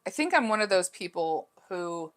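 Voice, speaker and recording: At a moderate pace, a middle-aged woman with a low-ish, sing-song voice hosts a relaxed live chat from home. She reads viewer comments aloud and muses chattily about her life, often restarting and using frequent fillers.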